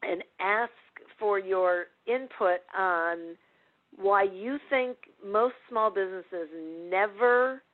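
An interview host asks questions in an unhurried, measured way and keeps replies short. The pitch is mid-range. The audio is narrow and tinny, like it comes over a phone.

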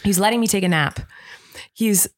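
A woman's voice: medium pitch, fast talker. A woman in her thirties co-hosting a podcast, telling family stories in a chatty, laughing way. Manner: chatty storytelling, laughs often. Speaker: podcast co-host. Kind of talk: casual chat.

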